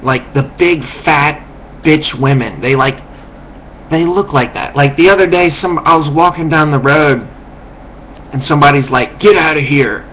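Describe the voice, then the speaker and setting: A man's voice: fairly high pitch, normal speed, fairly bright tone. A man in a rambling, contemptuous rant to camera, full of restarts and swearing. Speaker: vlogger. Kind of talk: ranting monologue. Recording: dull lo-fi recording with faint hiss.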